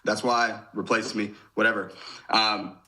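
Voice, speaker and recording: A man's voice: lowish voice, fairly even intonation, unhurried, pushed and bright, rough recording. A man in his thirties from Michigan, a podcast guest casually retelling events and often quoting his own thoughts. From Michigan, USA. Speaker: podcast guest, former gymnast. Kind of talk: casual storytelling.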